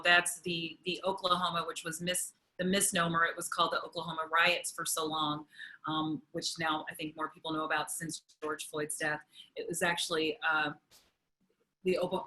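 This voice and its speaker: A woman's voice: on the low side, sharp tone, low-quality recording. A woman speaking as a panelist in a roundtable discussion, thinking aloud and acting out the voices of others she quotes.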